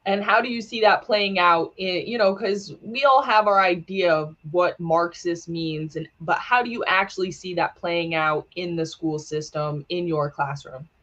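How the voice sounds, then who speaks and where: A woman's voice: lowish voice, moderate pace, few pauses, fairly bright tone. A woman hosting a casual interview over a video call, chatty and playful, laughing often. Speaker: host. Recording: dull lo-fi sound.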